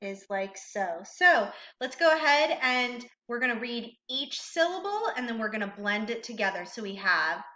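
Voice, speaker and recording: A woman's voice: on the high side, big pitch swings, moderate pace, hardly any pauses, sharp tone. A woman teaching a recorded phonics lesson, patiently asking questions and praising the learner. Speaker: reading teacher. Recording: roomy, slightly dull recording.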